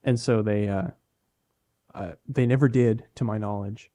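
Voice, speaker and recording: Young man, podcast co-host, low pitch, warm dark tone, self-deprecating casual chat. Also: fairly even intonation, unhurried.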